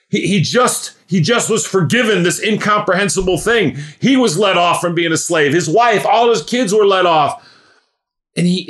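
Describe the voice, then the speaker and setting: Preaching a sermon, this man speaks earnestly, climbing to loud, emphatic peaks and sinking into low, hushed passages. He thinks aloud, often repeating and restarting words.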